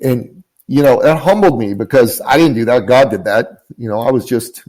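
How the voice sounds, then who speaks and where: Earnest male guest, emphatic storyteller, mid pitch, repeats himself for effect. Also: normal speed, darkish tone, rough recording. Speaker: guest, business coach. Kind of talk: podcast interview storytelling. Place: lives in Canada.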